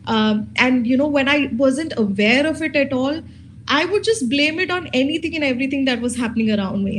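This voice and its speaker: Candid woman in her thirties, halting. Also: on the high side, a little hiss or hum, low-quality recording. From India. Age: 30s. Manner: candid, halting, many fillers and restarts. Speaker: panel speaker. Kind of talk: personal testimony at a conference.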